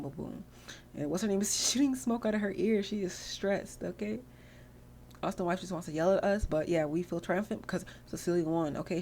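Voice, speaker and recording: A woman rambles through casual commentary over her gameplay, chatty and full of filler words. Her voice sits fairly low and carries a gravelly fry. A faint hum runs underneath. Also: a little mellow. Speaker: gaming channel host.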